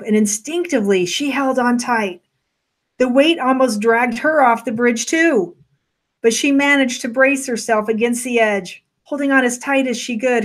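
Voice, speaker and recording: A woman narrating a story in a gentle, unhurried way. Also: on the high side.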